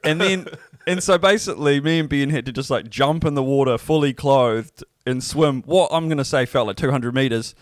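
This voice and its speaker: A young man with a New Zealand accent spins a yarn on a casual podcast, loose and profane, ribbing his friend as he goes. His voice sits at an ordinary pitch. The recording is close and dry with no room sound. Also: moderate pace, hardly any pauses, no echo. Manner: laid-back, sweary, joking storyteller. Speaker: podcast co-host. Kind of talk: casual storytelling chat.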